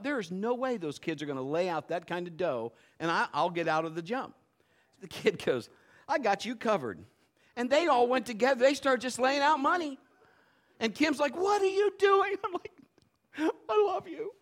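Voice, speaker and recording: A middle-aged man delivers a sermon in a slightly high voice. He talks in a folksy, storytelling way, sliding from quiet, low asides into loud, emphatic preaching. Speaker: pastor. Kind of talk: sermon with personal stories.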